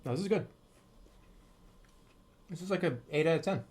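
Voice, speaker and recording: A man's voice: on the high side, expressive, moderate pace, a little mellow. A streamer from Boston, joking and swearing in casual livestream chat while he eats, talking with his mouth full. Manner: joking, profane, reacts to chat.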